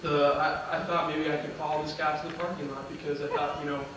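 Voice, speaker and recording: Fast and flat in delivery, a fairly high-pitched man performs comic stories before a live audience, voicing the dialogue and laughing at his own jokes. He's a motivational speaker from Illinois in a large auditorium, recorded with a distant mic amid roomy hall sound and loud room noise.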